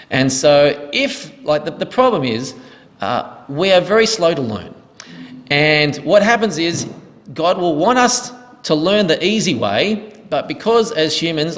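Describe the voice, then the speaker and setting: A man leading a question-and-answer teaching session as pastor, explaining answers earnestly. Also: on the high side. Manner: earnest, explanatory, thanks each asker. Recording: reverberant hall.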